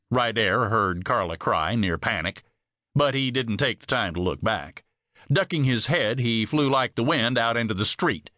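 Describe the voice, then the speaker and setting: Guy narrating a western audiobook, bright lively voice, dry close mic. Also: medium pitch, no echo. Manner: measured storytelling with varied voices.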